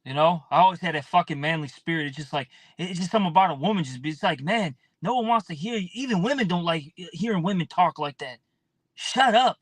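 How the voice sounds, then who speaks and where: A man's voice: on the high side, animated, quick pace, few pauses, no room sound. A man teaching from scripture in a blunt, profane, casual preaching style, often tossing in "man".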